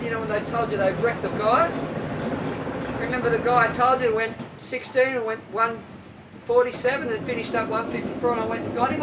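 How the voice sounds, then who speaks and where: A high-pitched woman coaching swimmers in a blunt, no-nonsense way, firing rhetorical questions at her squad. She sits well back from the mic, so the voice sounds distant. Vehicle noise runs clearly underneath. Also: muffled recording. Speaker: swim coach.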